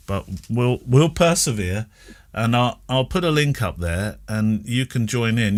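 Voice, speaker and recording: A British man co-hosting a photography podcast, chatting casually, laughing easily and reading listener mail aloud. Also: medium pitch. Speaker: podcast co-host. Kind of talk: casual chat.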